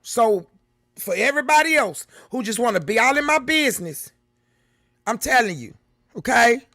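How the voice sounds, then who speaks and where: A woman's voice: on the high side, expressive, normal speed, a bit bright, no room sound, studio quality. A middle-aged woman hosting a live reaction stream, chatting casually with viewers and reading the chat aloud, laughing often. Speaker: livestream reaction host.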